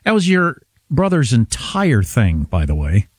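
A man's voice: medium pitch, wildly swooping pitch, measured pace, breathy edge, no echo, studio quality. A man hosting a political talk show, mocking and opinionated in casual banter.

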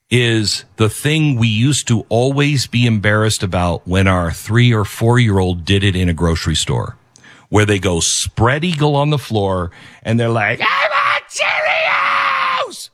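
A male host delivering opinionated commentary, his pitch swinging widely as he presses each point. He repeats key phrases for emphasis. The sound is dry and close, with no room around it. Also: expressive, measured pace, no room sound.

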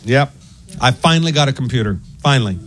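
A man doing stand-up comedy with deadpan, self-mocking one-liners. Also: medium pitch, quick pace. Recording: live stand-up recording with noise.

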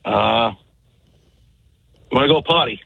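A man's voice: medium pitch, animated, slow pace, vocal fry, phone-quality sound. A man playing as a contestant in a casual game show, giving short and hesitant answers.

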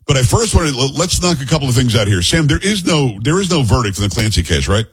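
Husky middle-aged male podcast host. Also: medium pitch, very animated, quick pace. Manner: rambling, joking asides, teasing his co-host. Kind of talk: casual talk-show chat.

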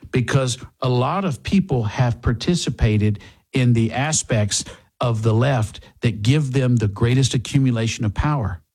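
A man's voice: mid-range voice, a little mellow, husky. A man hosting a political talk radio show, delivering an impassioned monologue full of rhetorical questions and mocking asides, then reading a sponsor spot.

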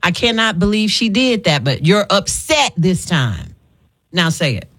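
A woman's voice: fairly low pitch, sing-song, measured pace, fairly bright tone. A woman hosting a radio call-in, playful and laughing often as she coaches callers through a game. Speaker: radio host. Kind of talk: casual call-in chat.

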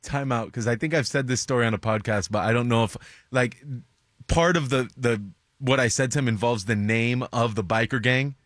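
A man, a stand-up comedian, telling a story in casual chat on a podcast, jumping into high voices to quote people. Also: brisk, a bit bright, dry recording, studio quality. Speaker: comedian guest.

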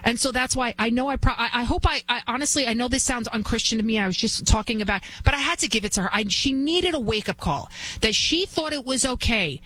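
A woman in her forties hosting a talk radio show, telling a story in an indignant, animated way. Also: a little high, quick pace, poor audio. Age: 40s.

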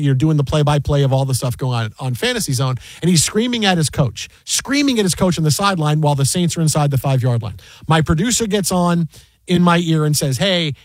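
A man's voice: on the high side, no echo. A middle-aged man, a sports broadcaster, telling a story in casual chat, acting out the quoted dialogue with many restarts. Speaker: sports broadcaster and podcast guest.

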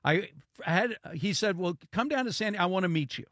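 Animated older male sports radio host. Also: high-pitched, moderate pace, dry recording, clean studio sound. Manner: animated anecdote teller who acts out dialogue. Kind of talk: storytelling in casual studio chat.

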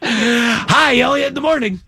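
A man hosting a radio morning show, chatting casually with co-hosts and callers, animated and joking. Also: very high-pitched, vocal fry, background noise. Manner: animated, joking, quick to laugh. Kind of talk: casual radio chat taking calls.

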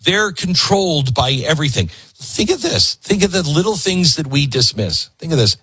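Emphatic male talk host, lively pitch. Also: fairly quick, husky, no echo. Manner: emphatic, preachy, cuts clips off. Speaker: radio talk show host. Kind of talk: commentary on played clips.

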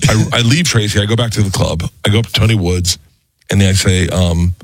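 Husky man telling a rambling story. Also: on the low side, fairly quick, no echo. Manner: animated, rambling, self-mocking. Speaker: comedian. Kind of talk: casual storytelling chat.

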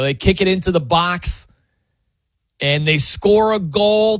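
Male sports radio host, animated storyteller with a swooping delivery, dry studio sound. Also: high voice, no room sound. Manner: animated, chatty, laughs often. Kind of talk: casual sports talk monologue.

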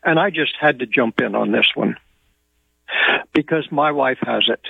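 A man calling in to a radio show over the telephone, speaking haltingly with fillers. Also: mid-range voice, vocal fry, husky, no echo. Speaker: caller. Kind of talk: phone-in call. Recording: tinny phone line.

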